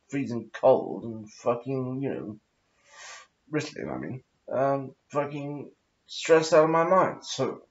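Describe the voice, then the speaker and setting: A man's voice: mid-range voice, a little mellow, highs cut off. A man with a posh English accent, rambling through a sweary, self-mocking vlog monologue while smoking. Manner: profane, meandering, self-mocking asides. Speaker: vlogger.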